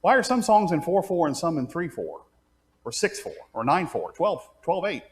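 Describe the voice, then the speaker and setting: A man teaching a class on leading congregational singing, explaining step by step and singing out pitches and counting beats aloud. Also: very animated, moderate pace. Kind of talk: hands-on music class teaching.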